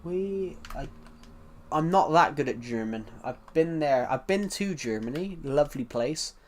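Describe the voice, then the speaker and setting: Slightly high and expressive, this young southern English man's voice moves a little slowly, with slight background noise. Streaming a game, he rambles casually over the chat, repeating himself and restarting phrases often.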